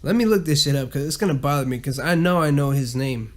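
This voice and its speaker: A man's voice: mid-range voice, animated, fast talker, darkish tone. A man hosting a casual solo podcast, rambling and cursing a lot and laughing at his own jokes. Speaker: podcast host.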